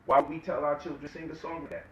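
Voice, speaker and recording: A man's voice: a little high, flat delivery, quick pace, highs cut off, slight background noise. A man giving an impassioned lecture-style talk, firing off rhetorical questions and mocking quotes. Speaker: guest speaker. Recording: echoey room, mic at distance.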